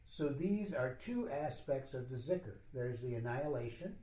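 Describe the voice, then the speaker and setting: A man giving a slow, measured teaching talk at a retreat, with soft asides to his listeners. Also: mid-range voice, expressive, reverberant. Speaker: spiritual teacher. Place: retreat hall.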